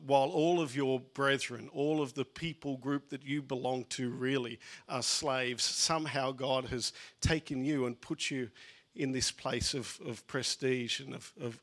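A man's voice: mid-range voice, fairly even intonation, unhurried, a bit bright. A man preaching a conversational sermon, often repeating words and using fillers as he goes.

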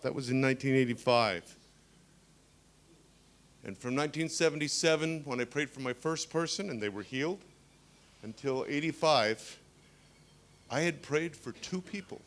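A man in his sixties preaches with animated energy, his voice sitting a bit high as he tells stories and drops humorous asides to his congregation. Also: a little slow, pauses often. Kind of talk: sermon.

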